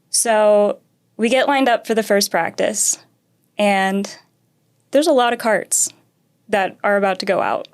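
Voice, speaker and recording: A young woman who races karts tells a long story about how she got started, speaking as a guest in a casual podcast interview. Her mid-range voice is clean and measured as she acts out quotes and laughs often.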